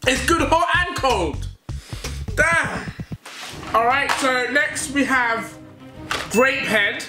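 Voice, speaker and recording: A young British man on a casual taste-test vlog, reacting loudly and with excitement. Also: extremely high pitch, extremely slow. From United Kingdom. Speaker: YouTuber. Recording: echoey room with loud music.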